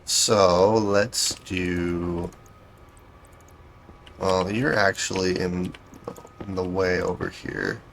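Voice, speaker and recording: A man's voice: deep voice, steady tone, very slow, creaky, pauses often, a little hiss or hum. A man giving casual gameplay commentary, thinking aloud as he builds, with a dry, self-correcting, sarcastic manner. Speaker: game streamer.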